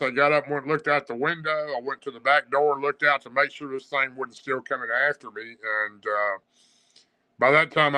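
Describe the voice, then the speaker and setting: A man recounting a personal encounter in casual, rambling storytelling, with frequent pauses and restarts. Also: medium pitch, sharp tone, smooth, low-quality recording.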